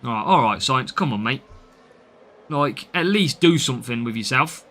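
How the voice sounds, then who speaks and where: A man's voice: medium pitch, expressive, normal speed, bright, forceful tone. A man from the English Midlands with a Midlands accent, chatting through a live game stream and answering viewers' comments as he plays.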